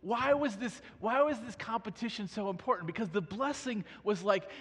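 A man's voice: sits high, moderate pace, a bit bright, husky, long reverb tail. A male pastor preaching a sermon in a casual storytelling way, full of fillers.

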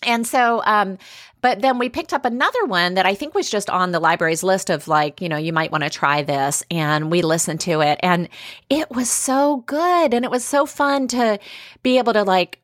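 A middle-aged woman co-hosting a podcast, telling stories in a chatty, animated way with frequent fillers. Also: mid-range voice, normal speed, no echo, clean studio sound. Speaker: podcast co-host. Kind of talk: casual chat.

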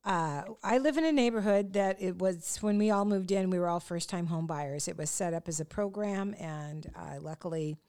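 A middle-aged woman co-hosting a podcast, telling stories in a chatty, lively way and often breaking into laughter. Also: fairly low pitch, normal speed, few pauses, clean tone. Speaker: podcast co-host and comedian. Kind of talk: casual podcast chat.

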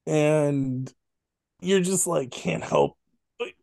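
A man with a mellow, warm voice chats casually on a podcast, retelling a film's big scenes with animated energy and the odd laugh. The sound is dry and close. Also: fairly high pitch, extremely slow, vocal fry, no room sound. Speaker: podcast co-host. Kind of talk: casual film review chat.

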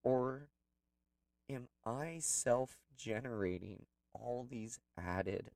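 A man's voice: medium pitch, extremely slow, darkish tone, dry recording, far from the mic, poor audio. A man telling a personal story in a candid, rambling way, with plenty of fillers. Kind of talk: personal reflective monologue.

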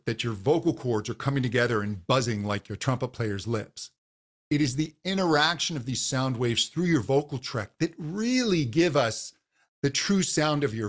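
A man, a voice coach guest on a podcast, patiently explaining how the voice works and demonstrating exercises. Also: medium pitch.

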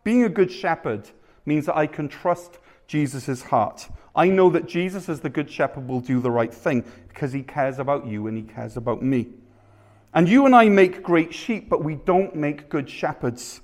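At a live church service, a man preaches in a slightly high voice at a normal pace. He tells stories in a conversational, self-deprecating way, adding animated asides along the way.

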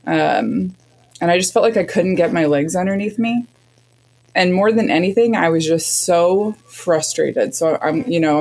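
A woman's voice: low-pitched, gravelly, darkish tone. A woman frankly recounting a hard hike on a podcast, blunt and self-mocking. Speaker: hunting partner and guest. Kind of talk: casual podcast storytelling.

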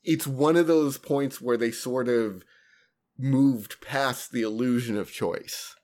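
A man co-hosting a podcast talks over a game's story in relaxed, casual conversation. He is thoughtful and unhurried, with a mid-range voice and frequent short agreements. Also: medium pitch. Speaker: podcast co-host. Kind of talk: casual chat about video games.

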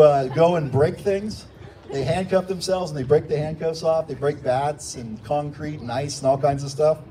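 A male pastor preaching a sermon in a church, animated and climbing into shouts when he voices a plea. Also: a little high. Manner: animated, rising to shouts when quoting pleas. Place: church sanctuary. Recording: distant mic with faint room noise.

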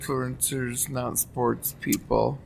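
A man's voice: medium pitch, level tone, takes it slowly, vocal fry, slight background noise. A man co-hosting a podcast in casual chat, joking and asking short follow-up questions. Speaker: podcast co-host.

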